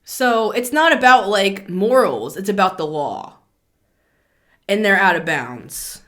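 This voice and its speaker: A woman's voice: mid-range voice, expressive, takes it slowly, a bit bright. A woman giving a casual spoken tarot reading as a channeler, chatty and blunt, with lots of filler words and some swearing.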